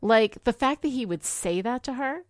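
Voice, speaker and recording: A woman's voice: a little high, expressive, moderate pace, dry recording, clean studio sound. A woman co-hosting a casual chat about a TV episode, enthusiastic and full of "you know" fillers. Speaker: podcast co-host.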